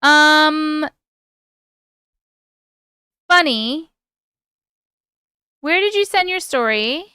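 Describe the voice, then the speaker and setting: Woman, live stream host, reading stories aloud, playful asides, higher voice, dry close sound. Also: expressive, very slow, long pauses, sharp tone, dry recording.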